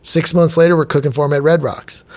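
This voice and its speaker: Animated man telling stories, slightly high voice. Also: quick pace. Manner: animated, acts out quoted dialogue, casual. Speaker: chef and restaurant owner, podcast guest. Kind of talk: storytelling in a podcast interview.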